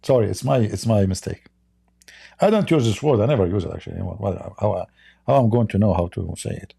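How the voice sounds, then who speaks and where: A man's voice: fairly low pitch, lively intonation, fairly quick, gravelly, dark tone, slightly rough. An aged man from the East, hosting a livestream in a sarcastic, mocking way. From Middle East. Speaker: livestream debate host. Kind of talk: casual livestream commentary.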